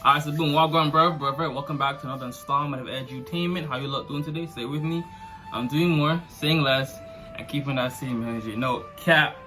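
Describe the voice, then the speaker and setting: A man's voice: medium pitch, fairly even intonation, fairly quick, over music. A man hosting a casual commentary vlog, talking in slangy, sarcastic and mocking asides. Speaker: commentary channel host.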